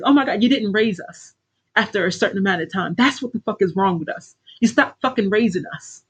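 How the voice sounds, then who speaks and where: This life coach's voice runs on the high side and sounds husky, her pace moderate. The middle-aged woman gives her livestream viewers a blunt, preachy, heavily profane pep talk on a low-quality recording.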